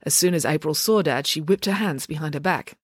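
A woman narrating a children's story, with expressive, animated storytelling. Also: low-pitched, fairly quick, slightly rough, no room sound, clean studio sound. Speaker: audiobook narrator. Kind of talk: storybook reading.

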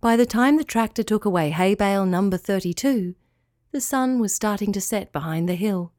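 A woman reading a children's story aloud, in a calm, clear and expressive way. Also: medium pitch, normal speed, no room sound, studio quality.

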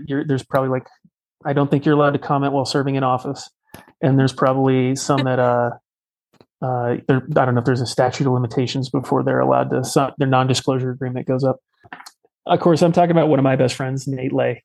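A man's voice: mid-range voice, little pitch movement, fast, vocal fry, darkish tone, rough recording. A man telling a story in a casual, rambling way, with many fillers and restarts. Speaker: podcast guest.

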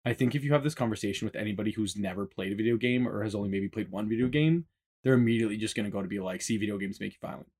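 A man co-hosting a casual podcast chat, animated, acting out other people's lines as he argues. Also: lowish voice, very fast, slightly rough. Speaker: podcast co-host.

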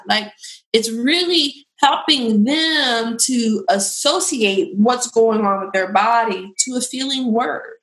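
A woman giving parenting and relationship advice in a casual chat, animated and acting out bits of dialogue. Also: on the high side, slow pace, roomy sound, rough recording. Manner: animated, acts out quoted dialogue.

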